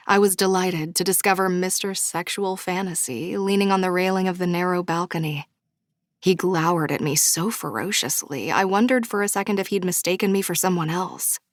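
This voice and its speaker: A woman narrating a romance audiobook in first person, bubbly and expressive. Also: on the low side, no echo, studio quality. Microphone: studio microphone.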